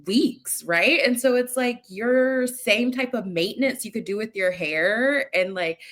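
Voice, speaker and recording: A woman co-hosting a podcast in a somewhat high voice. She talks expressively in a casual recap chat and slips into acted-out quotes. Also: a little slow, fairly bright tone. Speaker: podcast co-host.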